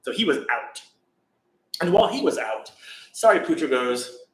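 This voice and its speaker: A man's voice: on the high side, sing-song, normal speed, fairly bright tone. A man, a meditation teacher, tells a teaching story informally, rambling with many fillers and restarts, in an echoey room. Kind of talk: dharma talk, storytelling.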